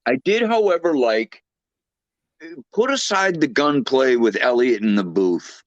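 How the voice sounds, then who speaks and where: A man on a movie review podcast, weighing his thoughts in a slow, unhurried way. He sounds reflective and careful. The mic is dull and lo-fi, with a close, dry sound. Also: medium pitch, expressive, no echo. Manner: measured, reflective. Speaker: podcast co-host. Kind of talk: casual movie review chat.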